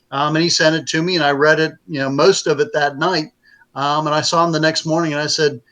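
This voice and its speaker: A man's voice: on the high side, steady tone, fast talker, bright, forceful tone. A man with a slightly raised voice talks through his story in a casual interview. He rambles, restarts his sentences and fills the gaps with "um" and "uh". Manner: rambling, many fillers and restarts. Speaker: publisher and author.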